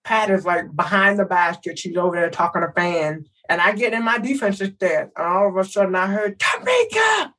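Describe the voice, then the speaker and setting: Animated woman telling a story. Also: lowish voice, brisk, few pauses, distant mic, poor audio. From Texas. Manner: animated, acts out voices in her story. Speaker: guest. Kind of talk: casual storytelling.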